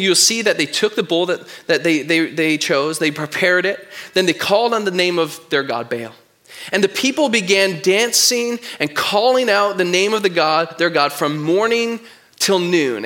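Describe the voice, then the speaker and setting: Bright-voiced male preacher. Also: high-pitched. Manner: expressive storytelling, reads scripture aloud. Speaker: pastor. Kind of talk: sermon.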